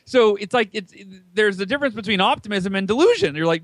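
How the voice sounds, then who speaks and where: American guy in his 30s on a podcast, high-ish voice, dry sound, acts out quotes when he tells the story. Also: fast talker, few pauses, no room sound. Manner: animated, acts out quoted dialogue in a higher voice. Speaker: podcast guest, author. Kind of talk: casual storytelling interview.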